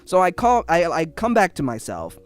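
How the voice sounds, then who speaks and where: A man's voice: a little high, normal speed. A young man telling a personal story in a casual, heated and profane way. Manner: heated, profane, animated retelling.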